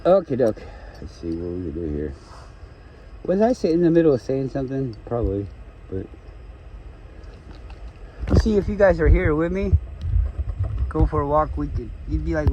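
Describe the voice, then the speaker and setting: A man's voice: a little high, sing-song, moderate pace, long pauses, noisy background. A man vlogging on a walk outdoors with his dogs, rambling and joking, breaking off to talk to his dog. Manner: rambling, jokey, talks to his dog mid-sentence. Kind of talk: rambling casual talk to camera.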